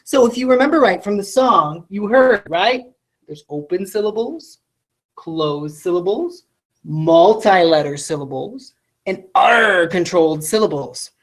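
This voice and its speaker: A woman teaches children a phonics lesson. She sounds out each word slowly, one syllable at a time, and checks in with the student through quick questions. Her voice is mid-pitched. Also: lively intonation. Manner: talks straight to the student, asking quick questions.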